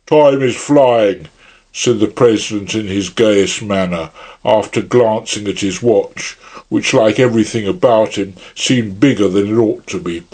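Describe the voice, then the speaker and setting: A man narrating an audiobook in a measured, unhurried reading style. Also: fairly low pitch. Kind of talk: scripted narration.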